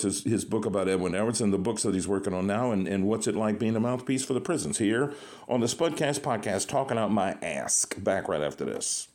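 A man's voice: lowish voice, a little mellow. A man hosting a podcast interview, joking and telling stories with frequent laughter. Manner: jokey storyteller, laughs often. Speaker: podcast host. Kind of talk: casual interview chat.

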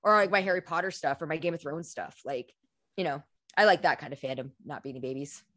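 A woman's voice: low voice, quick pace, fairly bright tone. A woman co-hosting a casual chat, chatty and joking. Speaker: podcast co-host.

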